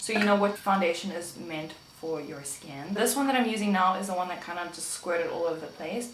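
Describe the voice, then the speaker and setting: A young woman from South Africa chats her way through a makeup tutorial, playful and joking with herself. Her voice sits in a roomy, echoey space with a faint hiss of background noise. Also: medium pitch. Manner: chatty and playful, talks to herself and the viewers. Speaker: beauty vlogger. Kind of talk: casual makeup tutorial chat.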